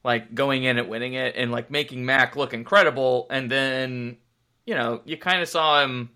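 A man's voice: medium pitch, fairly even intonation, normal speed, sharp tone, smooth. A man co-hosting a sports podcast, talking casually and rambling off topic with the odd swear. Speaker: podcast co-host.

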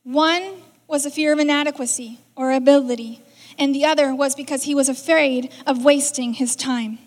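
High-voiced woman preaching in a hall. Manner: conversational, acts out quoted lines. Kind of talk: sermon. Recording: reverberant hall.

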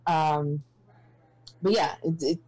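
A woman's voice: deep voice, fairly even intonation, slow, mellow, slightly rough, rough recording. A woman guest on a casual talk show, emphatic and self-assured with frequent restarts.

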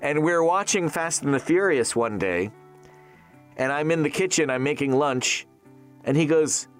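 Lively, jokey voice-actor man. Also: fairly high pitch, unhurried, faint music behind. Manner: animated, jokey, laughs often, restarts with "uh" and "like". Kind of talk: casual interview answers.

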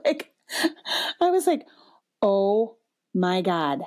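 A woman, probably in her forties, hosting a parenting talk show and telling a personal story in a casual, animated way, swearing freely, laughing often and acting out quotes. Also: fairly low pitch. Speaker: podcast host.

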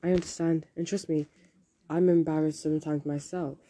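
A man's voice: on the high side, little pitch movement, moderate pace, dark tone, dry recording. A teenage boy, rambling through a casual solo monologue, swearing often and joking at his own expense. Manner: rambling, sweary, self-deprecating, jumps between topics. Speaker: solo podcaster.

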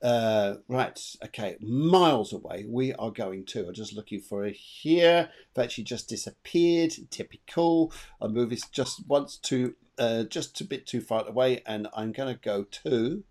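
A man's voice: medium pitch, unhurried, hardly any pauses, darkish tone. A man co-hosting a live online show, giving a chatty, rambling tarot reading and repeating his phrases. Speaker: tarot reader and co-host.

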